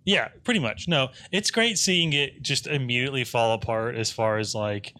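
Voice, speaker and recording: A man's voice: mid-range voice, moderate pace, pushed and bright. A man co-hosting a podcast in casual comedic chat, rambling with many fillers and restarts. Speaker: podcast co-host.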